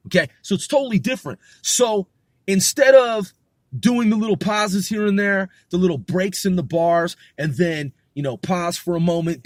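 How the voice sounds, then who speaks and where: Casual rapper, higher-pitched man, talks in loops and restarts, dry close sound. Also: dry recording. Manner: rambling, restarts often, swears casually. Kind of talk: casual rehearsal talk with rapped lines.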